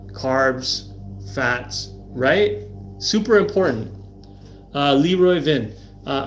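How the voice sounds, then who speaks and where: A middle-aged livestream host talks about health with a voice on the high side. He speaks emphatically, often ending lines with "right?" and repeating words as he goes.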